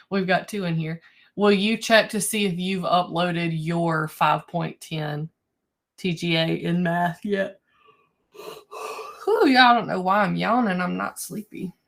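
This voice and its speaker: Teacher lady on a video call, kinda low voice, laid back and chatty. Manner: relaxed, chatty, with slow stretched prompts. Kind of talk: online class instructions. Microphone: computer mic on a video call.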